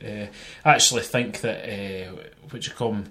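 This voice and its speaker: A man with a Scottish accent, co-hosting a casual football podcast, animated and laughing often, with the odd swear word. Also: fairly low pitch, normal speed. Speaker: podcast co-host.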